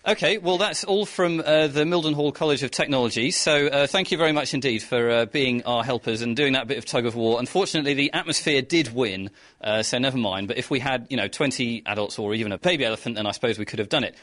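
A man presenting a radio science segment on location, relaxed and full of fillers. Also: mid-range voice, fast talker.

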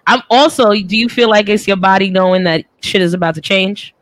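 A podcast host chatting casually, chiming in with quick, teasing remarks. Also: medium pitch, a bit bright, no room sound. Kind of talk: casual chat.

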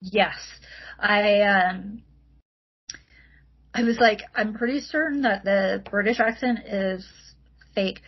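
A woman, a podcast guest chatting casually, relaxed and talkative with many likes and ums. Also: mid-range voice, slow, long pauses, slightly rough. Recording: slightly dull, lo-fi audio.

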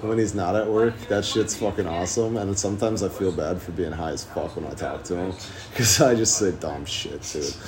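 A man's voice: low-pitched, normal speed, a crowd in the background. Giggly stoned young man rambling. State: high. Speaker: podcast host. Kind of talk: casual podcast chat. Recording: noisy amateur room recording.

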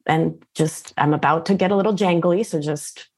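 A middle-aged woman speaking as a guest coach in a casual interview. She is animated and slangy, and often tags her sentences with "right?". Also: deep voice, moderate pace, slightly rough.

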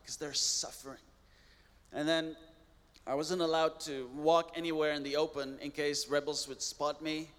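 A man's voice: on the high side, fairly even intonation. Earnest man telling testimony, reverberant sound. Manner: earnest, halting restarts. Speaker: missionary guest. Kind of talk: personal testimony storytelling.

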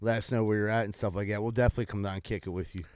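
A man's voice: lowish voice, steady tone, rapid-fire, a little mellow, smooth, no room sound, clean studio sound. A man co-hosting a podcast who chats loosely and jokes a lot. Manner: loose, laughing, joking. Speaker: podcast co-host. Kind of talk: casual chat.

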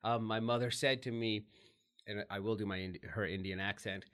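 A middle-aged American man, a guest telling candid personal stories in an animated way, laughing often and restarting his sentences. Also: lowish voice, fairly quick. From United States.

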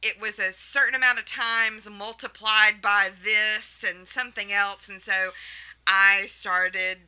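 A woman's voice: medium pitch, little pitch movement, takes it slowly, sharp tone, clear, resonant tone, low-quality recording. A woman co-hosting a podcast, telling a story in casual chat and laughing often as she goes. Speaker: podcast co-host.

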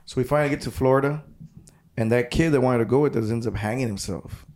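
A man, a touring musician who is a guest on a podcast, telling road stories in casual chat with halting restarts. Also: medium pitch, a little mellow. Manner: halting, repeats words while telling stories.

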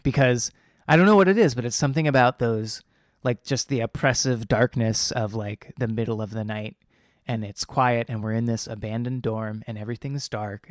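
A man's voice: mid-range voice, dry recording, clean studio sound. A young adult man casually telling a personal story, rambling and earnest, with many fillers and restarts.

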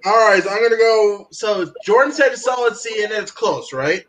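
A man on a casual podcast who talks excitably and laughs often. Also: sits high, normal speed, poor audio. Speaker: podcast co-host. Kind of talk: casual chat.

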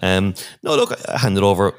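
Low-voiced Irish man, lively and rambling. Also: fairly quick, slight background noise. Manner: rambling, laughing, sentimental. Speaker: departing podcast host. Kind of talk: casual chat.

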